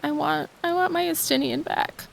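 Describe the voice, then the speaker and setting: A woman's voice: high voice, normal speed, creaky, a little hiss or hum. A woman streaming a game live, chatting with viewers in a gushing, giggly, rambling way into a desk mic.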